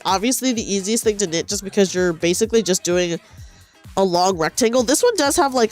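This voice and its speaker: Chatty young woman streamer, rambling. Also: fairly low pitch. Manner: chatty, rambling, self-deprecating, with many restarts. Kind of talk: casual chat while knitting.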